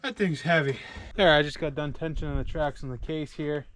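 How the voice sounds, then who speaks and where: A man's voice: a little high, brisk, a bit bright. A man giving casual running commentary while repairing farm machinery, joking and poking fun at himself as he thinks aloud. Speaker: farm vlogger doing equipment repairs. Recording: noisy shop background.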